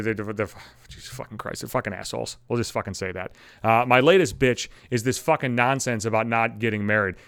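A man rants bluntly into a microphone at home, swearing nonstop as he vents. His voice sits at an ordinary middle pitch, and the recording is dry and close, with no room sound. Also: a bit bright, no room sound. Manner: heavy swearing, blunt, ranting. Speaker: podcast host. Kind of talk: solo profane rant. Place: home apartment, alone. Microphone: studio microphone.

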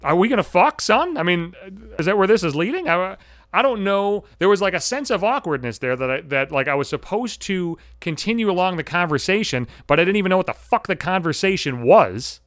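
A man's voice: high voice, lively intonation, brisk, fairly bright tone, dry recording, studio quality. A man in his thirties hosting a solo podcast, telling a story in a brash, profane, sardonic rant. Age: 30s. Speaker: podcast host.

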